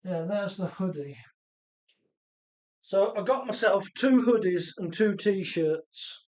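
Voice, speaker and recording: A man's voice: sits high, slow, a little mellow. A man hosting a live stream in his home workshop, chatting easygoing and laughing often as he reads out viewer comments. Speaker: host of a radio-controlled car live stream.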